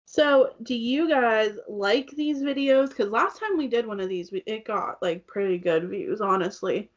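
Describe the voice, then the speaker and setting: A woman's voice: fairly high pitch, unhurried. A young woman co-hosting a casual makeup chat, talking loosely with lots of "like" fillers, on a dull lo-fi recording. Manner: chatty, fillers of "like" throughout. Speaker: co-host.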